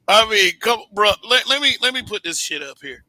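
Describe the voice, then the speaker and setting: A man's voice: high voice, expressive, a little slow, pushed and bright, no echo, poor audio. A man hosting a casual political call-in show, blunt and profane, laughing often and stammering over repeated words. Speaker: show host.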